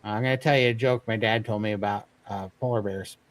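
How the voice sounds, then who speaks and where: A man's voice: lowish voice, fairly even intonation, a little fast, no echo. A man chatting casually on a livestream panel, telling stories with a joking manner and lots of fillers. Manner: joking storyteller, many fillers. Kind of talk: casual chat.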